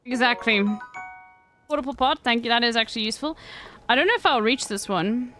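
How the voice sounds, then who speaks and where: A woman's voice: a little high, fairly quick, a bit bright, faint music behind, rough recording. A young woman streaming a game, chatting crudely and jokingly with her viewers. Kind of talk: casual gameplay commentary.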